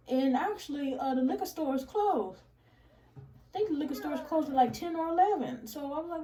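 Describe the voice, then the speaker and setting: A woman's voice: high-pitched, normal speed. A young woman casually telling a story, acting out the other people's lines in changed voices. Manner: animated, acts out each person's lines in changed voices; addresses listeners as "y'all". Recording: distant mic with faint noise.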